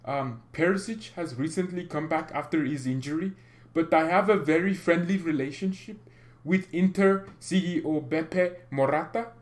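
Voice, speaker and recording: A man reading out a football club boss's quote in a put-on mock German accent, halting and formal. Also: on the high side, voice pushed up, close to an everyday voice.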